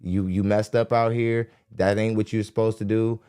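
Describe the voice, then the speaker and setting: A man's voice: level tone, moderate pace, warm tone, smooth. Blunt, mocking male podcast host. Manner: blunt, mocking, heated, breaks into laughs; mimics others in high squeaky voices. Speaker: podcast host reacting to a dating show. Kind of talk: ranting reaction commentary. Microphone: studio mic.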